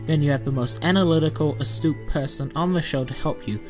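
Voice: medium pitch, a little fast, over music, natural voice. Someone voicing an overconfident cartoon object. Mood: eager. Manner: upbeat, boastful. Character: overconfident, self-praising young cartoon object.

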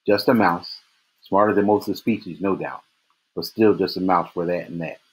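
A man reading a novel aloud in steady first-person narration. His voice is very low and husky, with a breathy edge that stays the same from line to line. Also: normal speed. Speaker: reader.

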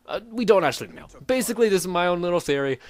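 A man's voice: sits high, lively intonation, very fast. A man giving unscripted, rambling game theory commentary in a hyper way. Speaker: gaming video commentator.

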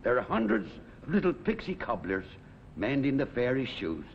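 An actor with an Irish accent playing a jovial old Irish tramp who chats in a gravelly sing-song way, on a dull 1970s TV recording. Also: male voice, mid-range voice, wildly swooping pitch, normal speed. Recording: dull 1970s TV sound with faint noise.

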